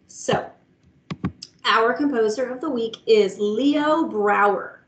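A woman's voice: fairly high pitch, slow pace, a little hiss or hum. A woman, a music teacher giving an upbeat online lesson to young children. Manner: upbeat, talks to kids directly with lots of "guys" and "all right".

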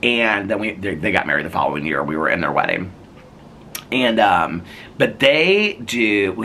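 A man in his fifties rambles through stories in a casual vlog, his low voice gravelly yet bright. His delivery swoops up and down with lively expression as he meanders from one tangent to the next. Faint outdoor ambience with birds sits quietly behind him. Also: a little hiss or hum. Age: 50s. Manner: chatty, meandering storyteller who laughs often. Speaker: vlogger. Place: outdoors in a residential neighborhood.

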